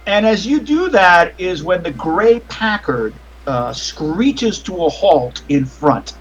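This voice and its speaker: Brief: male GM on a headset, slightly high voice, loose and halting delivery. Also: big pitch swings, lo-fi sound. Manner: rambling, with many fillers and restarts. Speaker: game master. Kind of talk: narrating a tabletop game.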